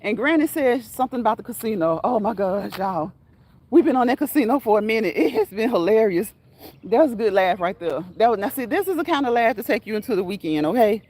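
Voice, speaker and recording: Casual woman, livestream host, breathy and high, laughs often. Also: expressive, quick pace, darkish tone. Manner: laughs often until crying, talks straight to viewers. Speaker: livestream host reading chat comments.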